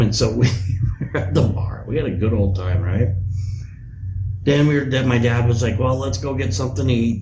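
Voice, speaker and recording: A man's voice: medium pitch, a little mellow. A man in his forties spins a rambling, profane story, often laughing at his own tale. His voice sits in the middle range and rings around a roomy space, with a faint hiss underneath. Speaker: podcast co-host. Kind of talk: casual storytelling chat.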